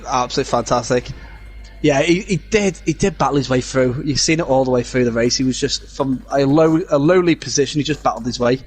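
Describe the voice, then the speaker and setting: A man giving casual live commentary on an online racing league, chatty and halting with many fillers. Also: mid-range voice, slightly rough.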